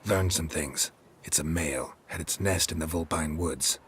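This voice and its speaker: A stoic, gruff monster hunter from a fantasy video game, with an extremely low, rumbling voice. He speaks in short, clipped, deadpan sentences and wastes no words. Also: moderate pace, a little hiss or hum. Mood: terse.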